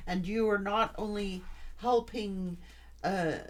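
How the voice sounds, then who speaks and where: A woman's voice: medium pitch, slow pace, a little hiss or hum. A middle-aged woman giving a tarot reading, speaking in an earnest, reassuring way in short, heartfelt phrases. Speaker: tarot reader.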